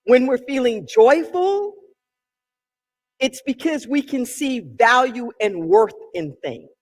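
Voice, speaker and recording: A minister preaching a sermon with emphatic delivery, drawn-out key words and sudden loud calls. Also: medium pitch, expressive. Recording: long reverb in a large hall.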